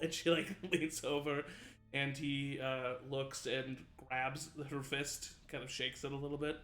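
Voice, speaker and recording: A man's voice: mid-range voice, level tone, measured pace, a bit bright. A man narrating as game master in a tabletop game, rambling with many fillers. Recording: echoey room with music behind.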